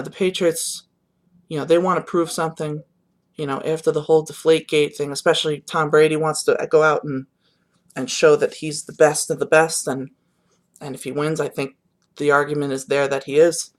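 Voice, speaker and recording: Young dude ranting about football, kinda high voice, lots of ums and restarts, sounds let down. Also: male voice. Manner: rambling, many restarts and fillers, subdued and disappointed. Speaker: sports vlogger. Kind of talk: casual reaction monologue.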